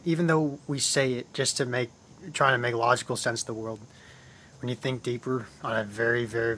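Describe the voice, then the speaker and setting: A man's voice: mid-range voice, pushed and bright, a little hiss or hum. A man hosting his own channel, talking casually and at length about spiritual ideas, often repeating himself and calling his viewers guys. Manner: rambling, repeats phrases, addresses viewers as guys.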